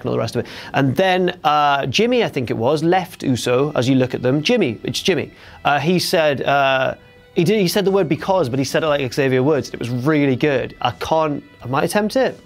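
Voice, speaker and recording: Young host, casual and jokey, slightly higher voice, faint music underneath. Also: male voice. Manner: jokey, chatty, breaks into silly impressions. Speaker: host of a wrestling recap show. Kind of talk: casual chat, recap.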